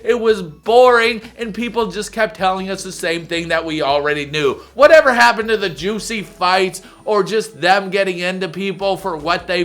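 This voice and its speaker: A man doing a comedic reality TV recap, sarcastic and prone to loud outbursts. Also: high voice.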